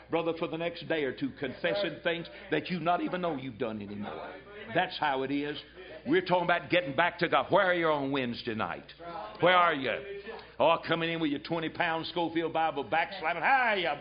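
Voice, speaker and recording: An older man preaching a fiery revival sermon, swinging from loud exhortation to hushed asides. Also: on the high side. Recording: dull lo-fi sermon recording.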